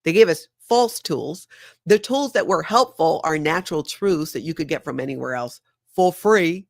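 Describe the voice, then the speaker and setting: A woman who once belonged to a high-control group hosts a livestream, earnest and confiding, reading viewer comments aloud as she goes. Her low, expressive voice is creaky and moves at normal speed. The recording is dry and close, with no room sound.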